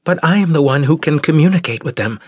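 A man's voice: fairly high pitch, animated, quick pace, darkish tone, husky, no echo, pitched above the performer's own voice. A man narrating voices an anxious young woman pleading urgently.

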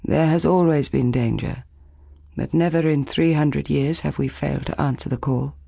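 A woman voicing a stern, commanding old village woman who speaks firmly and calmly. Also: deep voice, moderate pace, vocal fry, breathy edge, no room sound, studio quality, exaggerated voice. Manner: firm, commanding.

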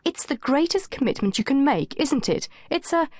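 A woman's voice: sits high, very animated, moderate pace, a little mellow, no echo, studio quality, pitched above the performer's own voice. Audiobook: upbeat, gloating young bride, read by a woman. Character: cheery, self-satisfied young bride-to-be. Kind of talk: audiobook character voice.

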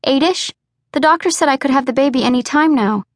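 A woman reading an audiobook, voicing a bubbly, nervous young pregnant woman who talks in a high, excitable rush. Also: fairly quick, dry recording, clean studio sound, natural voice. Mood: excitable, anxious. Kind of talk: audiobook character voice.

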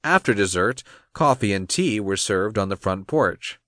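A man narrating a romance audiobook, reading in an expressive storytelling manner. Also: fairly low pitch, normal speed, no room sound, clean studio sound. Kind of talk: scripted narration.

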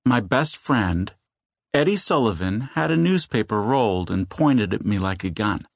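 A man reading a children's novel aloud in measured storytelling, slowing down for suspense. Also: lowish voice, lively intonation, vocal fry, dry recording, clean studio sound. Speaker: audiobook narrator. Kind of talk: scripted children's audiobook narration.

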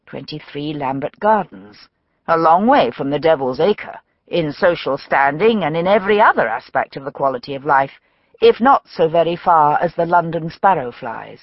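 Woman, audiobook narrator, mystery novel, lively pitch, dry muffled studio sound. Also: dry recording.

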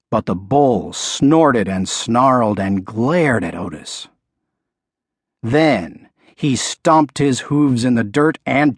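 Husky-voiced man reading a children's storybook. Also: no echo, studio quality. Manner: expressive storytelling, dropping low for the bull's menace. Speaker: audiobook narrator.

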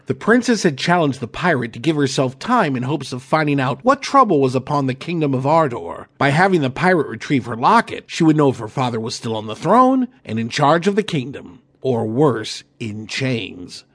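A man narrating a children's adventure audiobook in an expressive, animated way. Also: mid-range voice, moderate pace, hardly any pauses, breathy edge.

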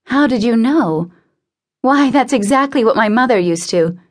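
A woman plays an earnest, impulsive young woman in love, stammering and pleading. She pitches her voice a little high, above her own natural register yet close to an everyday sound, with lively intonation, a moderate pace, and a slightly mellow quality.

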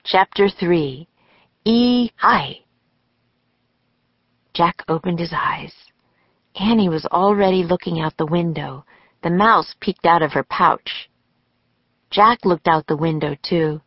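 A woman narrating a children's audiobook in a slow, deliberate storytelling manner, recorded on a close studio mic. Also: fairly low pitch, breathy edge, no echo. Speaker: author and narrator. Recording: dry, slightly dull studio audio.

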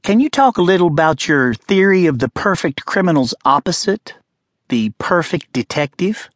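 A woman's voice: lowish voice, expressive, normal speed, dry recording, clean studio sound, voice pushed up. A man voicing a curious Southern woman with a Southern US accent, politely asking questions from a lecture audience in an audiobook.

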